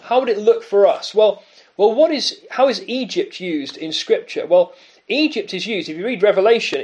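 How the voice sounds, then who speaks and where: A man preaching a sermon, emphatic and full of rhetorical questions and dramatic pauses. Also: sits high.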